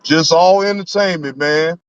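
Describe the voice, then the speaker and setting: A man with a high voice hosts a livestream, chatting with his viewers in a loose, rambling and profane way. The audio is dry and dull, with a lo-fi quality. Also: unhurried, smooth, no echo. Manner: laid-back, profane, rambling. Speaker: livestream host. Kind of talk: casual livestream talk reading chat. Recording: dull lo-fi sound.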